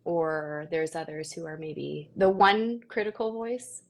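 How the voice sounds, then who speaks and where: A young adult woman on a live video call, sharing parenting advice in an earnest, animated way. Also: low-pitched, unhurried. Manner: earnest, animated storytelling with quoted asides. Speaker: guest, parenting content creator. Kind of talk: casual live video chat.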